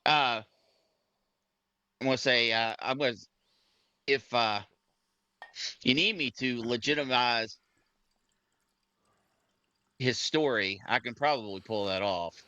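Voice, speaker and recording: A man playing a tabletop game, speaking in a hesitant, halting way. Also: medium pitch, pushed and bright, clear, resonant tone, no room sound. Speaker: player. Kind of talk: casual tabletop play. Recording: dull lo-fi mic.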